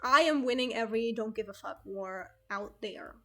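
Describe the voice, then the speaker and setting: A young woman streaming, talking loosely and rambling as she corrects herself mid-thought and laughs often. Her voice sits a little high and sounds bright and clear on a desk mic, with soft music playing underneath. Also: normal speed. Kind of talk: casual chat with live chat.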